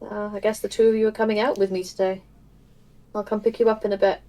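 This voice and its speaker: A woman's voice: medium pitch, level tone, fast talker, dark tone, poor audio. A woman playing in a tabletop game, speaking casually and wryly as her character and as herself. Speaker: player.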